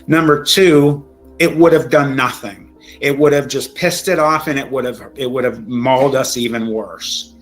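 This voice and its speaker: Middle-aged male guest, emotional and halting, retelling a terrifying true event with many restarts. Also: mid-range voice, faint music behind, poor audio. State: shaken, near tears. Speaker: storytelling guest. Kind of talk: recounting a true scary story.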